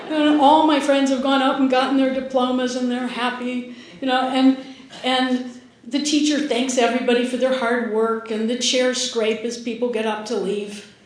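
A woman's voice: high voice, heavy reverb, background noise. An older woman from the Detroit area, telling a personal story to an audience in a wry, amused way, often laughing as she speaks.

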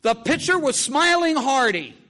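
Older male storyteller, high bright voice, very lively delivery. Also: a little slow. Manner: animated, vivid, repetitive. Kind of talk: spoken storytelling.

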